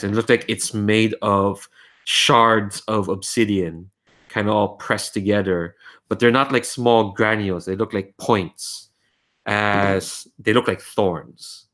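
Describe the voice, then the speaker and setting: Slow, low-voiced male game master. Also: fairly bright tone. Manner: descriptive, halting, with many fillers and restarts. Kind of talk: narrating a tabletop game.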